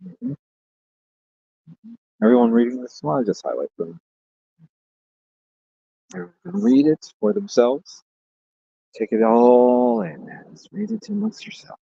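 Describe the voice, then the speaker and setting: Man, livestream host, casual joking chat, husky gravelly voice, dull lo-fi sound. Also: high-pitched, huge pitch swings, normal speed, pauses often, warm tone, dry recording. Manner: joking, rambling, reads out viewer comments.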